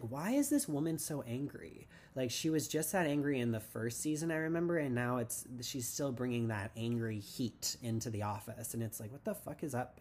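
A man's voice: medium pitch, moderate pace, a little mellow. A man hosting a casual TV recap podcast, rambling and sarcastic with lots of "like". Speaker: podcast host.

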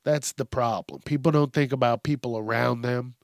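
A podcast host in his home studio talks into a stand-mounted microphone, rambling through the news casually, swearing, and leaning heavily on fillers. His mid-range voice holds a steady tone at a moderate pace, recorded with studio quality and no echo.

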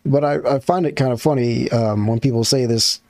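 A man hosting his own radio show, talking casually and rambling, restarting his sentences and climbing high in pitch when he gets worked up. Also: normal speed, darkish tone, no echo, studio quality. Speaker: podcast host.

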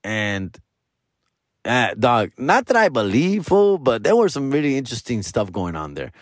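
A man, hosting a podcast and telling a story in a casual, animated way, full of slang and swearing and dropping into Spanish. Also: mid-range voice, normal speed, dry recording, studio quality. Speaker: podcast host.

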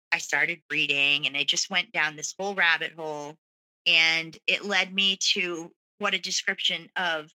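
A woman's voice: fairly low pitch, pushed and bright, rough recording. A woman frankly telling her own story as an interview guest, conversational and loose, with nervous laughs. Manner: casual fillers like "like" and "you know". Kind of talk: candid personal storytelling.

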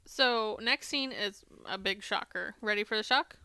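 A woman's voice: mid-range voice, measured pace, bright, forceful tone, clean tone, no echo. A woman co-hosting a podcast, recapping a show in casual chat with sarcasm and frequent swearing. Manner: sarcastic, swears often, mocks quotes. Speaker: podcast co-host.

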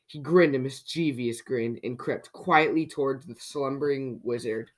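Kids' podcast host reading a storybook out loud, lively, keeps asking the listener questions. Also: medium pitch, unhurried, hardly any pauses. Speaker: children's story reader. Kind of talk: reading a picture book aloud to children.

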